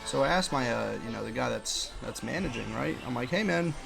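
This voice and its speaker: A young man ranting at home about his restaurant job while playing a game, animated, profane and full of slang. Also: medium pitch, brisk, gravelly, over music. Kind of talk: casual rant over gameplay.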